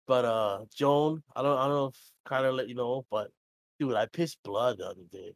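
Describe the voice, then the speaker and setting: A young male podcast co-host talks casually at a middle pitch, recorded close and dry with no echo. He rambles through a story, swears freely, and does quick impressions, acting out both sides of the dialogue he quotes.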